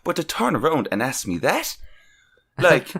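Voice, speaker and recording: A man's voice: fairly high pitch, huge pitch swings, measured pace, vocal fry, bright, forceful tone, husky. A man co-hosting a podcast, telling stories in casual chat, incredulous and swearing freely. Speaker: podcast co-host.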